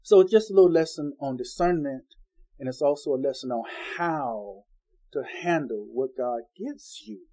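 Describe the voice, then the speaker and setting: A man's voice: a little high, lively intonation, normal speed, mellow, rough recording. A man preaching an informal Bible-study sermon in a folksy, conversational way, acting out the people he quotes.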